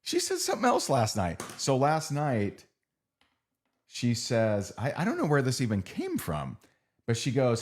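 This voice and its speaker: A middle-aged man delivers a motivational training talk a little slowly in a mid-range voice whose pitch swoops wildly. He speaks conversationally, repeats phrases and keeps asking his audience "right?".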